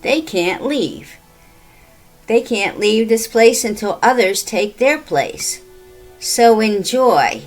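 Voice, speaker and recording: A woman voicing an eerie old ghost woman who speaks in a slow, sugary, menacing way. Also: a little high, animated, soft background music, rough recording. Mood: gloating.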